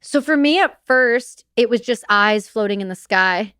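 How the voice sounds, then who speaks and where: A woman guest on a podcast, telling a personal story in an animated way with laughter and casual swearing. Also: on the high side, a little slow, clear, resonant tone, no echo, studio quality.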